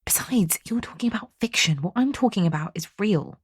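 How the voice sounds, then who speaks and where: Smitten young woman, put on by a woman reader, hushed whisper, secretive and smiling. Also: mid-range voice, animated, brisk, breathy edge, dry recording, clean studio sound, voice pushed up.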